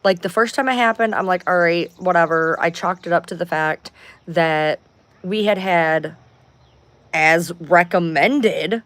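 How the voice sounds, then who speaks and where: A woman's voice: fairly low pitch, unhurried, a bit bright, no echo. A woman hosting a casual livestream from home, rambling, swearing freely and sounding exasperated. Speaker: livestream host.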